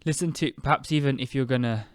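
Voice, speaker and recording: A young British man hosting an English-learning podcast, speaking slowly and clearly in a chatty, relaxed way with fillers. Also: medium pitch, dry recording, studio quality. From United Kingdom. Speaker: podcast host and English teacher. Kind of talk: casual spoken lesson.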